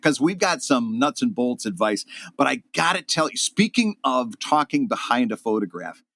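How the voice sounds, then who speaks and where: A man's voice: mid-range voice, sing-song, normal speed, a bit bright, dry recording. Jokey man co-hosting a podcast. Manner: joking, laughing often. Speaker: podcast co-host. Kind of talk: casual chat.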